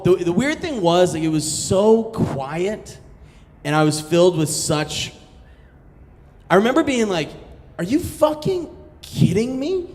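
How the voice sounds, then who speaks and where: A man's voice: fairly high pitch, darkish tone, big-room sound. A man from Massachusetts telling a story on stage in a casual, profane, self-mocking way. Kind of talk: live storytelling.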